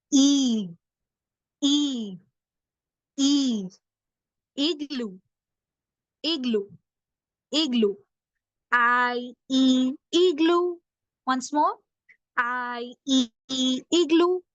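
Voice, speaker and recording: A woman's voice: sits high, no room sound, highs cut off. A woman teaching a phonics lesson, patiently repeating letter sounds for young learners. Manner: patient, drills sounds over and over. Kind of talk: phonics lesson, slow repetition.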